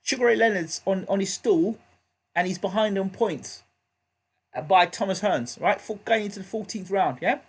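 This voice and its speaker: A man's voice: high-pitched, moderate pace, husky. A man hosting a live boxing reaction stream, talking in an emphatic way and hammering points home through repetition. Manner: emphatic, repeats points heatedly. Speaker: boxing show host.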